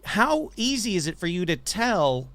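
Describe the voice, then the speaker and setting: A man's voice: high voice, big pitch swings, a little slow, a bit bright, no echo. A middle-aged man hosting a podcast, chatting with his guest in a chummy, enthusiastic way. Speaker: podcast host. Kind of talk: casual interview chat.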